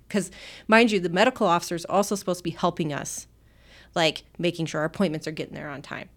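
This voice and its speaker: A woman nurse on a podcast, telling a story in casual chat, swearing a lot, animated and laughing often. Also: fairly low pitch, a little fast.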